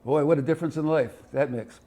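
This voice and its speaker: Man in his 70s from Ohio, military veteran recounting anecdotes for an interview, vivid and animated, acting out the voices and sounds in his stories, with a somewhat high pitch. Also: fast. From Ohio, USA. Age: older, 70s. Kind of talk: oral history interview storytelling.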